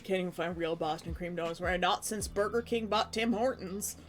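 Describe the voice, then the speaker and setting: A woman's voice: lowish voice, fairly quick, slight background noise. A young woman from Canada, chatting casually with her stream chat in a rambling way, full of restarts.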